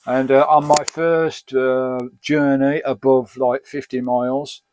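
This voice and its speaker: A man's voice: medium pitch, flat delivery, slow, a little mellow, a little hiss or hum. A middle-aged man from Birmingham with an English accent, answering viewer questions in a chatty, rambling and jokey way. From Birmingham, England. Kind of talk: casual chat.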